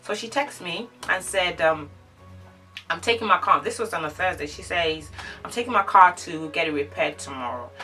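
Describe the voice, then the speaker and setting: A woman vlogger telling an animated storytime, acting out the dialogue. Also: lowish voice, moderate pace, distant mic, soft background music. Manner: animated, acts out quoted dialogue. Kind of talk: casual storytime chat.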